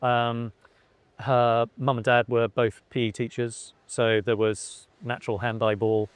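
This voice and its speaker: A middle-aged man from England answers interview questions in a hesitant, halting way, full of fillers and self-corrections. His voice sits at a middle pitch. The recording is dry and close, with no room sound. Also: flat delivery, clear, resonant tone, dry recording. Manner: hesitant, many fillers and restarts. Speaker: interviewee, son of a cricketer. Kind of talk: conversational interview.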